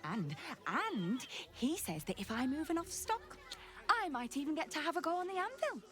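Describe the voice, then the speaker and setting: A woman's voice: sits high, big pitch swings, moderate pace, fairly bright tone. A woman voicing an eager young shop assistant who sells a smith's weapons in a video game, with chirpy sales patter. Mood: cheerful. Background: game music.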